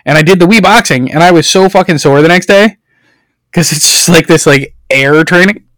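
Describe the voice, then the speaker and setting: A man's voice: fairly high pitch, moderate pace, fairly bright tone, dry recording. A man chatting casually, telling stories in a loose, profane, filler-heavy way. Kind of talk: casual chat.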